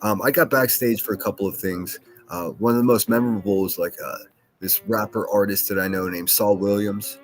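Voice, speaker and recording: A man's voice: fairly low pitch, steady tone, a little fast, soft background music. A man hosting a solo podcast, rambling casually with lots of swearing, fillers and restarts. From Pittsburgh, USA.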